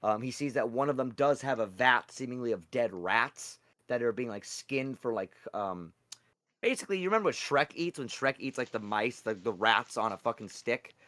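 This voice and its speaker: Rambling young dungeon master, bright voice. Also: male voice, mid-range voice, lively intonation, normal speed, no echo. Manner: loose, rambling and swearing casually. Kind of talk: narrating a tabletop game.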